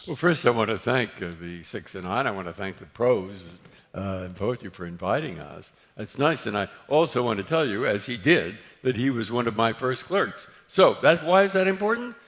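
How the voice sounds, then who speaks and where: A man's voice: mid-range voice, animated, moderate pace, a bit bright. An older man, a guest author, tells anecdotes onstage in a rambling way with many restarts and self-corrections. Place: event hall before a live audience. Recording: long hall reverb.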